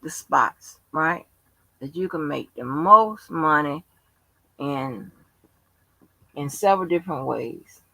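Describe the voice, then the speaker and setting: A woman's voice: sits low, animated, takes it slowly, vocal fry, long pauses, pushed and bright, no echo, poor audio. A sleepy woman hosting her channel, chatting casually in a drawling, profane, yawning way. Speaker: channel host. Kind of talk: casual late-night chat.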